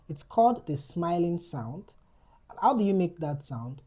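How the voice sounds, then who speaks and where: A woman teaching French pronunciation, talking slowly and deliberately and saying each example word twice. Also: on the low side, expressive, mellow, slightly rough. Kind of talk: instructional lesson.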